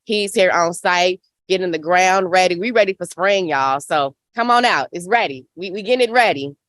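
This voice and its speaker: Passionate Southern woman with a low voice. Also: moderate pace, fairly bright tone, dry recording. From Memphis, Tennessee. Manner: passionate, preacher-like cadence. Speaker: panelist. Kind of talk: panel discussion. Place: outdoor hoop house on a farm.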